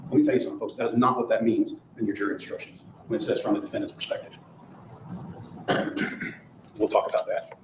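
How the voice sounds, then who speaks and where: A man's voice: lowish voice, fairly even intonation, quick pace, pauses often. A man delivering a courtroom closing argument as prosecutor, emphatic and rhetorical, often repeating phrases for effect. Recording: echoey courtroom audio with faint noise.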